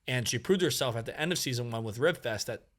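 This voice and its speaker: Animated storytelling man, podcast guest. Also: medium pitch, quick pace. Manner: animated, acts out quoted dialogue, many fillers. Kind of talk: casual storytelling conversation.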